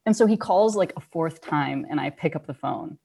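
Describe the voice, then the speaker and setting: Low-voiced woman rambling through a story on a video call, lots of swearing. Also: normal speed, vocal fry, breathy edge. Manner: rambling, animated, swears freely. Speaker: guest telling a story.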